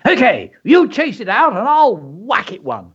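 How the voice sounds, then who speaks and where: A man voicing a blustering, angry middle-aged father who roars and shouts, in a story read aloud. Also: very high voice, huge pitch swings, unhurried, husky, voice pushed up, heavily acted. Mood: angry shouting. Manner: roaring, shouting. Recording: dull lo-fi radio audio.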